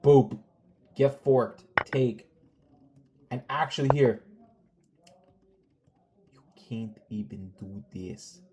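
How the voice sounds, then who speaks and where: A chess commentator recapping a game, calling out moves in quick lists and scolding the players with sarcastic rhetorical questions. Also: medium pitch, noisy background. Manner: calls out moves in rapid lists.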